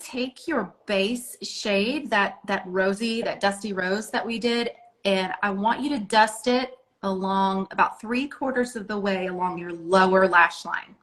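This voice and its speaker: A woman's voice: mid-range voice, unhurried, a bit bright, poor audio. A woman teaching a makeup lesson, coaching step by step in an encouraging, hands-on way with casual filler words. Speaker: makeup instructor. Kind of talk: instructional makeup tutorial.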